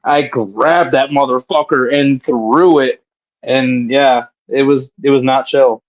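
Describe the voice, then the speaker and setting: A man's voice: medium pitch, fairly even intonation, lo-fi sound. A man hosting a podcast, talking in casual, profane slang. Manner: profane, slangy, drawn-out telling. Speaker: podcast host. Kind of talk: casual chat.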